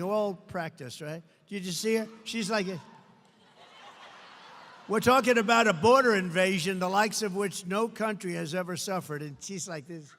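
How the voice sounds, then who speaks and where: Older male candidate at a rally podium, high gravelly voice, long hall reverb. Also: slight background noise. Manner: repetitive, emphatic, sometimes shouting. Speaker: political candidate. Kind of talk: campaign rally speech. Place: large rally venue, indoors. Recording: long hall reverb, faint crowd ambience.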